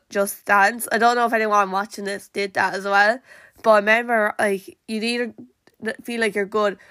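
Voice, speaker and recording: A woman's voice: medium pitch, fairly bright tone, no room sound, studio quality. A woman with an Irish accent hosting a casual live-stream podcast, rambling along with lots of "like" fillers and restarts. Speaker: podcast host.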